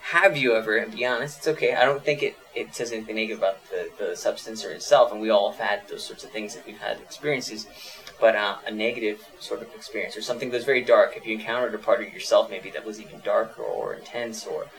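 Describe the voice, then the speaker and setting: A man's voice: lowish voice, quick pace, a bit bright, poor audio. A man hosting an interview, asking long, curious, probing follow-up questions in a casual way. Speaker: host interviewer.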